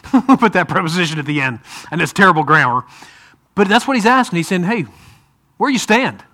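A man with an Ohio accent leads a Bible study, his voice high and bright. He talks in an easygoing, conversational way and keeps checking in with the group through questions. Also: sing-song, quick pace. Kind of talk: interactive Bible teaching.

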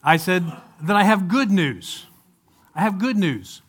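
A man's voice: sits high, big pitch swings, measured pace, a bit bright. A man preaching a sermon in a conversational way, often turning to the congregation with rhetorical questions. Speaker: pastor.

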